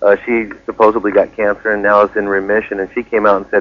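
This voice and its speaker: A man calling in to a radio talk show, rambling and halting with many fillers. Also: fairly low pitch, little pitch movement. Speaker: caller. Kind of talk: call-in radio chat. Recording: dry dull lo-fi radio call.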